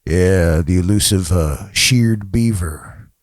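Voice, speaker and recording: A man from Alaska, a guest musician, chatting casually with a joking, rambling manner and deadpan asides. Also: low voice, slow pace, dry recording, clean studio sound. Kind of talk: casual chat with ukulele playing. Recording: loud music underneath. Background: ukulele music.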